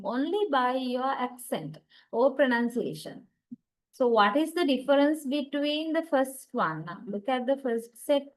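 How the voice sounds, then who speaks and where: A woman's voice: sits high, rough recording. A woman lecturer with a Sri Lankan English accent, giving a recorded linguistics lecture and often checking in with "okay" and "right". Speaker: university lecturer.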